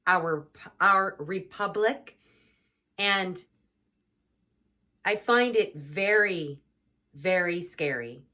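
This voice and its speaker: A woman from the United States giving a heated, earnest personal testimony to camera, with halting restarts. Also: medium pitch, sharp tone. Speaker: vlogger telling her personal story.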